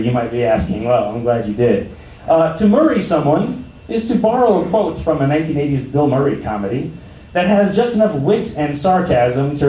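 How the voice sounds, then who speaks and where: Deadpan young stand-up comic in a room. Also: male voice, medium pitch, slight background noise. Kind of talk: stand-up comedy set. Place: small comedy cafe with sparse audience. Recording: roomy, distant amateur recording.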